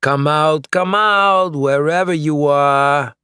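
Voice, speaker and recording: A man's voice: fairly high pitch, very animated, moderate pace, a bit bright, no room sound, clean studio sound, voice pushed up. A man voicing a volatile male gunman who taunts in a sing-song way and roars when angered, in an audiobook. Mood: sing-song taunting.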